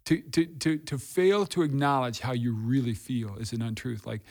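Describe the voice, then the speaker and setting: A man's voice: medium pitch, normal speed, a little mellow. A middle-aged man, a pastor, talking candidly and earnestly about his faith and hard times, repeating phrases for emphasis. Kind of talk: candid conversational testimony.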